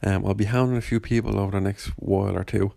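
Low gravelly guy rambling on his podcast, dead dry sound. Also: steady tone, fast talker, dark tone, no echo. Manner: chatty, rambling, self-deprecating. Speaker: podcast host. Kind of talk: casual chat.

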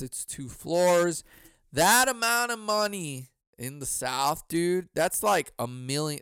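A man hosting a comedy podcast, rambling through a story and swearing freely. His voice is fairly high for a man, smooth and clear. The recording is close and dry, with no room sound. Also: fairly bright tone, no echo. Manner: rambling and profane, lots of "dude" and "man". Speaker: podcast host. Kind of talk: casual comedic monologue.

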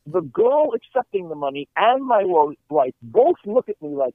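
A middle-aged man, a comedian, tells a story in a casual chat, his fairly high voice swinging widely as he acts out each person in it. The sound is thin and phone-like, with a dry, close feel. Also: normal speed, few pauses, no echo. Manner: animated, acts out quotes in character voices. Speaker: comedian guest. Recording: tinny phone-like line, dry.

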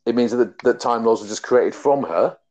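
A man's voice: medium pitch, normal speed, darkish tone. A man hosting a casual geek chat podcast, talking animatedly and laughing often. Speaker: podcast host. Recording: dull lo-fi sound.

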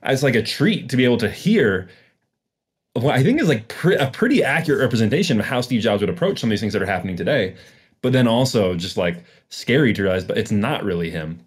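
A man's voice: medium pitch, lively intonation, fast, slightly rough. A man, the podcast's producer, speaking earnestly and hesitantly in casual chat, with lots of fillers.

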